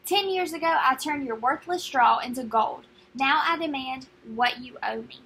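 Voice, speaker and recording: A woman voicing a menacing little male imp in a storybook reading, with a high, squeaky, taunting voice. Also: moderate pace, fairly bright tone, slight background noise. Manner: taunting, demanding.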